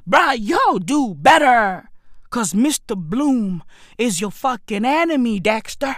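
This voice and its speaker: Lady ranting about football, high voice all over the place, slow and dry-sounding. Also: no echo. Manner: excitable, mocking, often shouting and laughing. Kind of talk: comedic rant.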